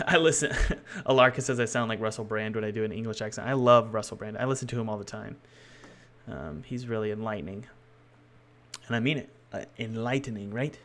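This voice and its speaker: A man's voice: lowish voice, brisk, a bit bright. A man streaming his game development work, chatting loosely with viewers and thinking aloud as he codes, often correcting himself mid-sentence. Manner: rambling, loose and self-correcting; thinks aloud while working.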